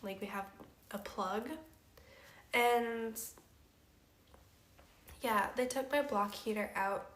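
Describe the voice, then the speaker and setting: A woman's voice: on the high side, slow pace, long pauses, fairly bright tone. A young woman streamer telling a story in casual chat, laughing often and using lots of fillers. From Canada. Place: house room. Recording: roomy echo.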